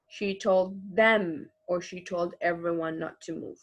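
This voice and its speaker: A woman teacher giving a recorded online English lesson, explaining patiently and slowly, repeating each example with frequent fillers. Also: fairly low pitch, creaky, fairly bright tone, highs cut off.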